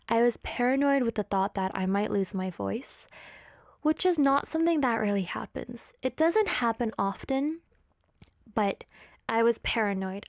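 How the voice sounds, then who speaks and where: A woman's voice: mid-range voice, darkish tone, no echo. A woman hosting a radio show, chatting on air in a candid, self-mocking way into a studio microphone. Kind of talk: casual on-air chat.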